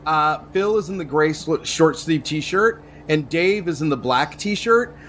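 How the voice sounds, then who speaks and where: A man's voice: a little high, lively intonation, measured pace, fairly bright tone, slight background noise. A man in improvised comedy, earnest and over-apologetic.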